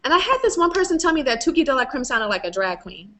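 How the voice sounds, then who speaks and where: A woman's voice: sits high, sing-song, quick pace, sharp tone. A woman hosting a playful, casual video chat with fans, laughing often. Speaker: host. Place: video call. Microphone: video call.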